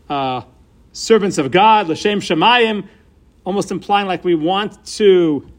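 High-voiced man teaching a Bible passage. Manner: animated, stresses key words slowly, mixes Hebrew terms. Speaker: Torah teacher. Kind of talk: text-based Bible lesson.

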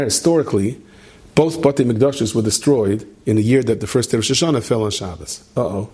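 A man's voice: medium pitch, a little mellow, husky. A man giving a sermon, telling stories and acting out their voices, mixing in Hebrew and Yiddish terms. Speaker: rabbi.

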